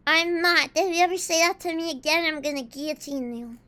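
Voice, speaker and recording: Woman streamer, very high pitched, bright and forceful; rambling, teasing, dramatic casual chat on a home desk mic. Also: fairly quick. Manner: dramatic, swings between loud and quiet. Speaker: VTuber streamer.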